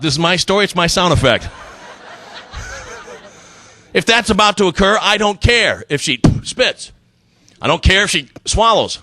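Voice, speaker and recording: A man's voice: sits high, very animated, normal speed, long pauses, sharp tone, a little hiss or hum. A middle-aged man doing a stand-up comedy routine on a club stage, telling stories with punchy delivery and acted-out quotes.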